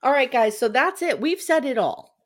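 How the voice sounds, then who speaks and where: A woman's voice: high-pitched, lively intonation, moderate pace. A woman co-hosting a casual podcast, reading research notes aloud and stumbling over words now and then. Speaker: podcast co-host.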